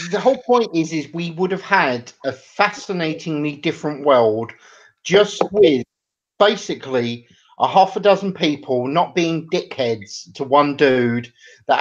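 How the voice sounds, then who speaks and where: A British man hosting a casual podcast, arguing his opinions firmly. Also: a little high. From Britain. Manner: opinionated, argumentative. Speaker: podcast host. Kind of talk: casual banter. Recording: dull lo-fi audio.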